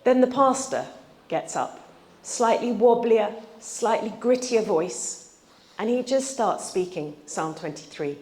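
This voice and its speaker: A woman preaching a sermon in a church, telling stories in an earnest way and slowing down to read scripture. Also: medium pitch, lively intonation, a little mellow. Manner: earnest, storytelling, slows for scripture reading. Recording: echoey church room.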